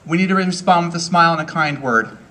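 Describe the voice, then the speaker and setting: A man with a high voice gives an earnest, rousing political speech, hammering repeated phrases. He sounds set back from the mic at an outdoor rally. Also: fast talker, pushed and bright, recorded from a distance. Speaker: rally speaker.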